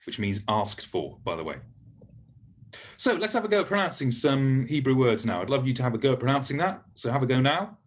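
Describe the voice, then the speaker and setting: A man giving a recorded pronunciation lesson, patient and encouraging, slowing down to model each word for learners. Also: mid-range voice, sing-song. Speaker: Hebrew teacher.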